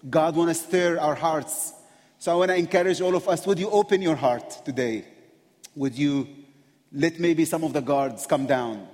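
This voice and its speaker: A man preaching a sermon in a church with a slightly high voice that carries a long, lingering reverb through a large hall. He talks with passion and feeling, laughing often between phrases as he speaks to the congregation. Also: darkish tone. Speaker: guest preacher. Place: church sanctuary.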